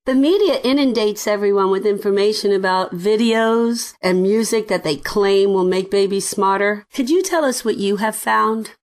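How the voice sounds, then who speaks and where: A woman interviewer with a middle-pitched voice. She asks formal, measured questions.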